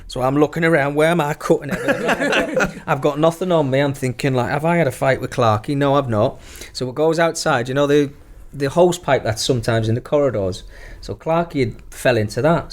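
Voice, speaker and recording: A man's voice: mid-range voice, animated, fairly quick, few pauses. A middle-aged man, a former footballer telling profane stories in casual chat and laughing through them. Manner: profane, laughing anecdote-teller. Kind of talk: casual storytelling.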